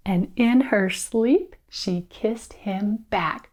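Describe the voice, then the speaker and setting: A woman teacher reading a picture book aloud to children, expressive and coaxing them to join in. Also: mid-range voice, takes it slowly, hardly any pauses.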